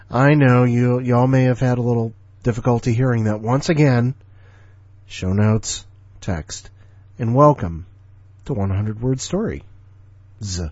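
A man's voice: medium pitch, slow, pauses often, darkish tone, no room sound, lo-fi sound. A man in his forties hosting a podcast, rambling casually in an offhand, grumbling, sardonic way. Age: 40s. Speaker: podcast host.

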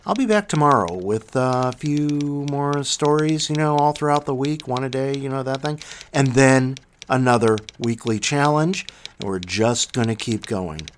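A man hosting his own podcast in casual solo talk, self-mocking and animated, swinging between loud bursts and muttered asides. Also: mid-range voice, moderate pace, a little hiss or hum. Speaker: podcast host.

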